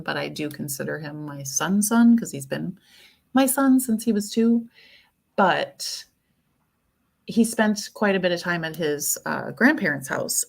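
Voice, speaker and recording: A woman's voice: low voice, creaky. A woman hosting a casual chat, telling family stories and laughing often.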